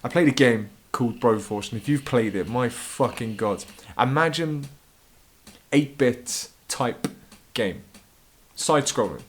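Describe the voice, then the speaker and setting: A man with a southern English accent, co-hosting a podcast with excitable, sweary banter. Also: medium pitch, unhurried. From Hemel Hempstead, southern England. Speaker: podcast co-host. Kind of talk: casual chat.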